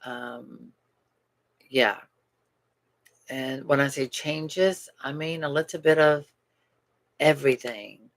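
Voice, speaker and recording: A man chatting casually to viewers about travel plans in a rambling, animated way with easy laughs. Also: medium pitch, slow, pauses often. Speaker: doll channel vlogger. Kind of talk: casual chat.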